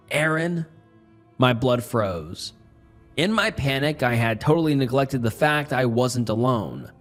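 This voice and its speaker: A man narrating a first-person horror story in a tense, dramatic way, dropping low and quiet for asides. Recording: faint music bed behind the voice. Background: faint background music.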